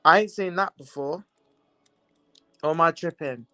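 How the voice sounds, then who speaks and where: On the high side and bright, this young man's voice carries a forceful tone at a measured pace, with no room sound. He's hosting a livestream football watchalong, chatting casually, saying things more than once, and welcoming viewers as they arrive.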